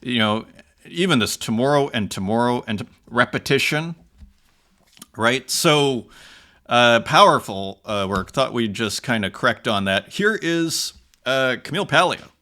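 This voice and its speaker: A man with a bright, forward voice hosts a casual art commentary show. He chats conversationally with many fillers, then reads passages aloud with slow, dramatic emphasis. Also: medium pitch, expressive. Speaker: host.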